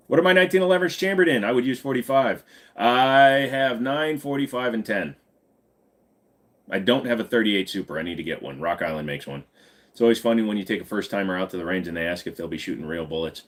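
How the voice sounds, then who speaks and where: A man's voice: mid-range voice, quick pace. A man hosting a casual live stream, answering viewer questions and slipping into silly voices.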